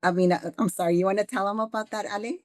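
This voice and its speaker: A woman's voice: mid-range voice, steady tone, racing. A middle-aged woman, a mother and interview guest, earnestly recounting events and quoting what people said. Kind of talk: casual interview chat.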